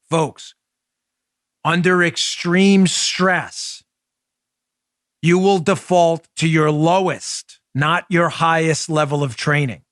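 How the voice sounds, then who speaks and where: Speaking in a fairly high, slightly bright voice, this Queens-accented man in his forties runs an opinionated talk show. Emphasis drives his delivery, and he keeps aiming rhetorical questions right at the audience. It's a dry, close recording with no room sound.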